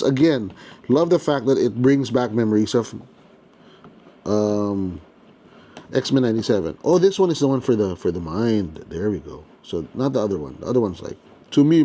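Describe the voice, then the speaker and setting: A man's voice: fairly low pitch, animated, fairly quick, dark tone. A man hosting a casual toy unboxing, chatty and playful with jokes as he goes. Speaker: toy collector host.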